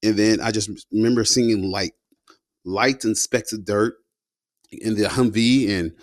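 Veteran man, low voice, dry close sound, casual storytelling full of slang fillers. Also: fairly even intonation, a little slow, dry recording. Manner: loose and slangy, peppered with "you know" and "man". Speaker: combat veteran guest telling his story.

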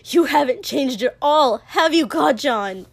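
A woman's voice: sits high, animated, measured pace, creaky, pitched above the performer's own voice, full character voice. A woman reading a story aloud, voicing a hurt teenage boy whose raised voice turns vicious and pleading. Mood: cutting.

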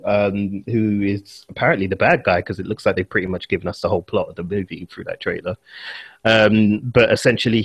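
A man hosting a casual film chat, animated and laughing often. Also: on the low side, husky, no room sound. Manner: animated, laughs often, quotes lines in put-on voices. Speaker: podcast host.

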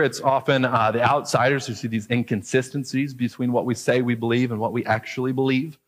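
A man with a high voice preaches through a scripture passage, explaining each verse to his congregation. His voice rings out in a reverberant hall, and he lifts it when he acts out the people in the story. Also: fairly bright tone. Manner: expository preaching, voicing quoted characters with rising emphasis. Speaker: pastor. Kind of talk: sermon.

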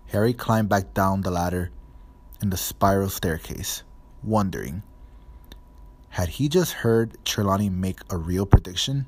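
A man narrating a storybook in a measured, even reading. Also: sits low. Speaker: audiobook narrator.

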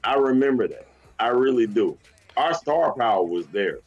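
Male co-host, casual and heated, slangy sports banter; middle pitch, muffled audio. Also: animated, normal speed. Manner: fired-up, slangy, swears freely. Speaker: sports talk show co-host.

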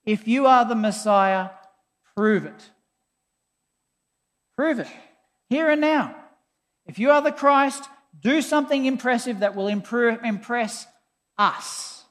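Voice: medium pitch, slow, pauses often, a bit bright. A preacher voicing challenging, demanding religious critics of Jesus in a sermon. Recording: long hall reverb.

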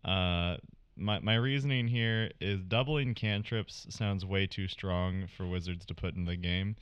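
A man's voice: deep voice, measured pace, clear, resonant tone, dry recording, highs cut off. A man on a casual podcast, reasoning through game items analytically and chuckling between points. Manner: analytical, laughing often. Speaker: podcast panelist.

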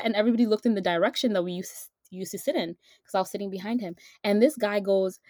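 A young woman co-hosts a casual podcast chat, laughing often as she tells an animated story. Her voice sits close and dry, with no room around it. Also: medium pitch, a little fast, few pauses, no room sound. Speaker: podcast co-host.

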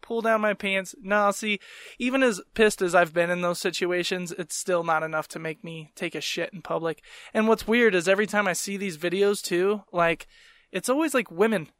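A man's voice: sits high, normal speed, no room sound, clean studio sound. A young adult man hosting a podcast, telling comic stories in a profane, exasperated rant. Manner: profane, exasperated, animated storytelling. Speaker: podcast host, comedian. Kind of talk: casual comedic rant.

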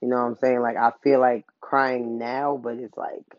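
A man's voice: mid-range voice, level tone, normal speed, no echo. A man talking candidly and casually about his own life, rambling with self-deprecating humor. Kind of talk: candid personal monologue. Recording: dull, muffled dry recording.

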